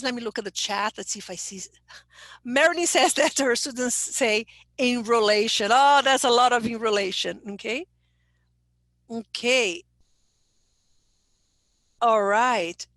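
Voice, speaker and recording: A woman whose first language is Portuguese, speaking English with a Brazilian accent, gives an encouraging online presentation to teachers and keeps checking in with a quick "okay?". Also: on the high side, a bit bright, no echo.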